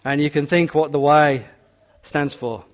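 In a slightly high, steady-toned voice, a man preaches unhurriedly in church. He is emphatic, repeats key words, and engages the congregation directly.

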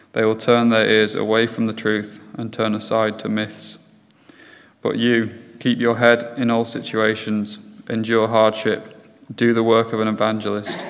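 A man reading scripture aloud in a steady, measured way. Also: on the low side, big-room sound. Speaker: scripture reader.

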